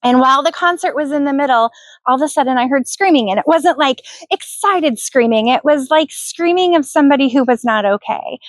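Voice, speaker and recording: A middle-aged woman tells a personal story straight to camera, earnest and reflective, and turns to ask the viewer questions. Her voice sits high, and the recording is close and dry with no room sound. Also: no room sound. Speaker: vlogger sharing a personal story.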